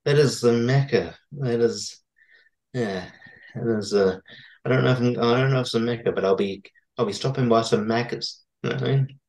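A man's voice: medium pitch, a little fast, a little mellow. An Australian man chatting casually as a podcast guest, rambling with lots of "uh" and restarts. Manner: rambling with many fillers and restarts. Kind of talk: casual chat.

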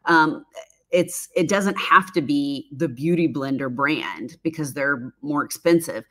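Low-pitched and slightly bright, her voice keeps a measured pace as this fifty-something livestream host chats with viewers. Once a makeup artist, she reads their comments aloud, laughing frequently and drifting into long asides.

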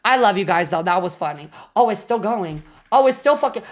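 A young adult woman streaming a reaction video, chatting casually, swearing constantly and bursting into loud laughter. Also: medium pitch, animated, fairly quick. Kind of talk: casual livestream reaction chat.

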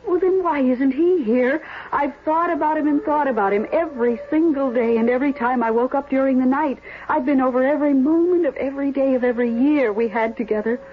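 An actress playing a lonely, nervous widow in a 1970s radio drama, fluttery and easily startled. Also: female voice, high voice, fairly quick, hardly any pauses, lightly acted. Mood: pleading. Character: lonely widow, middle-aged, nervous and chatty. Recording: tinny lo-fi radio recording with music.

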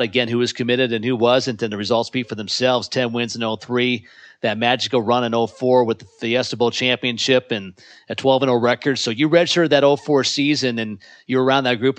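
A man's voice: medium pitch, fairly bright tone, dry recording. A man hosting a sports interview show, giving long fluent setups before his questions. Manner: fluent, recaps history before asking. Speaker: sports podcast host.

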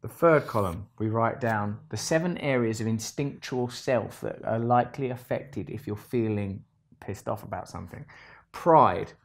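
A man telling a rambling storytime monologue, animated and self-deprecating, swinging between loud bursts and low asides. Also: moderate pace. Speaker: vlogger.

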